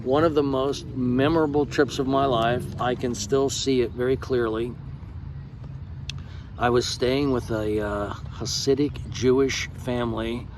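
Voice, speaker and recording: In this casual vlog, a middle-aged man from the United States talks with a mid-range voice over background noise. He's effusive and emphatic, cursing freely as he goes.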